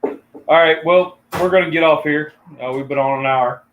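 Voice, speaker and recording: A man's voice: on the high side, phone-quality sound, noisy background. A man hosting a family cooking livestream, talking in an easygoing way that halts often on fillers. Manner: easygoing, halting with many fillers. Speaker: cooking show host. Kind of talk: casual livestream chat.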